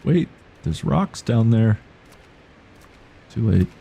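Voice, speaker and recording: A man's voice: medium pitch, expressive, slow pace, vocal fry, mellow, slightly rough. A man streaming a horror game live, reading game text aloud and joking dryly with his chat. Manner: dry, joking asides to chat. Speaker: gaming streamer.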